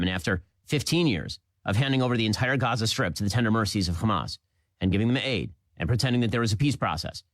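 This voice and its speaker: A man delivers a political monologue at high speed, hammering his points with emphatic repetition. His voice sits fairly low, recorded close and dry, with no room around it. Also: dry recording. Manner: rapid, emphatic, indignant delivery with repeated phrases. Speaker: political commentary host.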